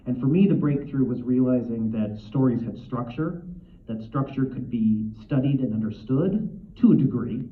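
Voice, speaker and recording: A man in his thirties, a guest author on a convention panel, telling stories in a quick, animated way and often correcting himself mid-sentence. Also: medium pitch. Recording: echoey, tinny, from far off.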